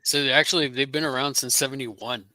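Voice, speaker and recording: A man with a very bright, crisp voice chats casually in a flat, even tone. He hesitates often, restarting his sentences and filling gaps with "like" and "uh", over a dry, close mic. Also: mid-range voice, quick pace, no echo. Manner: hesitant, filler-heavy, many restarts. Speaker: guest. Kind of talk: casual chat.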